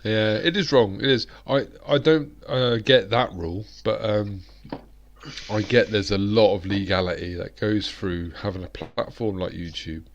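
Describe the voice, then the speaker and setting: Rambling British man, low voice. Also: a little slow, dull audio. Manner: rambling, chatty, full of fillers and restarts. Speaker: host. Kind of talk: live-stream chat.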